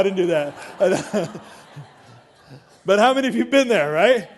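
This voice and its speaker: Middle-aged man, church pastor, lively sermon storyteller, slightly high voice, shouts at the peaks. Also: a little slow, pauses often. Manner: animated storytelling, swinging from quiet to shouting. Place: church sanctuary.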